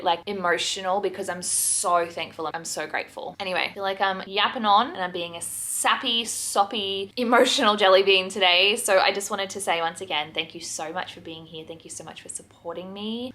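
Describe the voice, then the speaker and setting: A woman's voice: medium pitch, fairly bright tone. A woman vlogging from a hotel room, gushing and sentimental, emotional and close to tears. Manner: gushing, sentimental, chatty with many "like" fillers. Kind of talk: casual vlog chat to camera.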